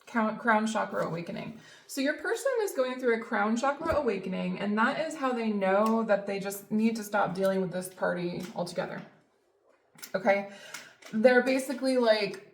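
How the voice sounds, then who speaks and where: A woman's voice: medium pitch, normal speed. A woman giving a casual tarot reading, chatty and emphatic, with lots of fillers and the odd swear word. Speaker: tarot reader. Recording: echoey room.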